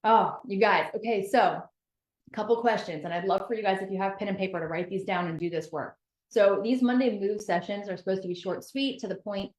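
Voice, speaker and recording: A woman's voice: medium pitch, brisk, reverberant, poor audio. A woman leading a live group coaching session, upbeat and encouraging as she speaks straight to her listeners. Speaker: life coach.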